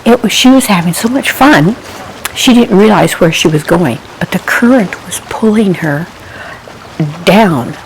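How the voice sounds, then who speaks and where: A woman telling a Bible-themed children's story, animated, asking her listeners questions and hushing her voice for suspense. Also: medium pitch, unhurried, a little hiss or hum, rough recording.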